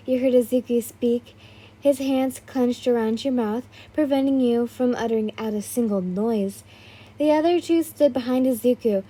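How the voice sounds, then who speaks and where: A woman's voice: a little high, moderate pace, warm tone, breathy edge. A woman reading a fan fiction story aloud in a casual way, with small stumbles and asides.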